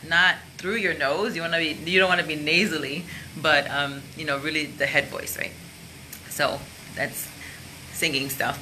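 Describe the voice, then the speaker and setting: A woman's voice: low voice, sharp tone, slight background noise, rough recording. A woman coach giving a casual, chatty lesson to camera and showing the points with her own voice. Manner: open, chatty, demonstrates with her voice. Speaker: career and sales coach.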